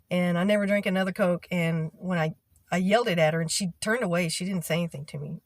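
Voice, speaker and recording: A woman's voice: lowish voice, steady tone, quick pace, dry recording. A middle-aged woman casually telling a story about a bad boss to her viewers, acting out what people said in an exasperated way. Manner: exasperated, acts out quoted voices. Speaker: vlogger telling a work story.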